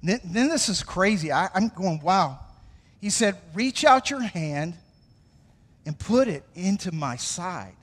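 A man preaching a lively, conversational sermon and calling on the congregation to join in. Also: sits high, slow. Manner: energetic, conversational preaching with audience call-outs. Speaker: pastor. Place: church sanctuary. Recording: long hall reverb.

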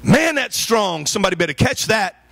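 A man's voice: high-pitched, big pitch swings, normal speed, vocal fry, fairly bright tone. A male pastor preaching a sermon, telling personal stories and calling the congregation for amens.

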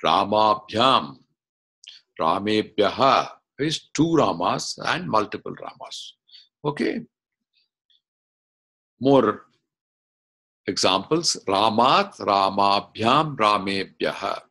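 A man teaching an online class, explaining slowly step by step and asking questions as he goes. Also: fairly low pitch, lively intonation, sharp tone. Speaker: Sanskrit teacher. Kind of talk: online lesson. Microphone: video call.

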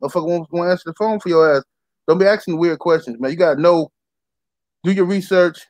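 Emphatic, profane man, higher voice. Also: fast talker, a little mellow, no echo. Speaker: podcast host. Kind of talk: casual chat.

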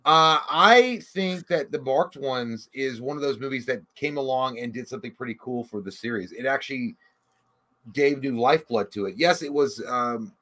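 Male co-host, bright forward tone, rambling profane chat. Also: medium pitch, lively intonation, normal speed. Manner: rambling, profane, stumbles over words. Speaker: podcast co-host. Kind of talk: crude casual livestream banter.

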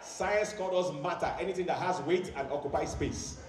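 A man with a Nigerian accent performing stand-up comedy in a preacher-like, animated way, repeating lines for effect. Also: fairly high pitch, brisk, roomy sound, recorded from a distance, background noise. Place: live venue with audience.

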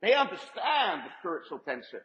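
A man's voice: high voice, very animated, a little fast, fairly bright tone. Emphatic male rabbi in an echoey hall. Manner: emphatic, asks the audience questions. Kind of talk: Torah lecture to a live audience. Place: event hall with audience. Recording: echoey hall, dull lo-fi sound.

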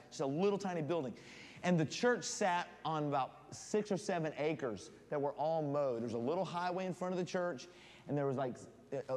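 A guest preacher telling a comic story in his sermon, animated and building suspense. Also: fairly high pitch. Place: church sanctuary. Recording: long church reverb, faint room noise.

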